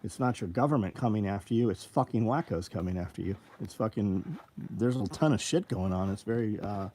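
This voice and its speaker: A man's voice: lowish voice, animated, a little fast, mellow, a little hiss or hum. Blunt, profane man hosting a livestream. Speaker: livestream host. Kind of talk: casual livestream chat.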